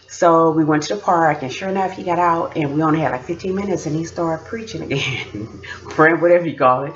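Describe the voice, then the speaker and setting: A woman, a mother and vlogger, telling family stories in an animated, laughing casual chat. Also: sits low, moderate pace, lo-fi sound.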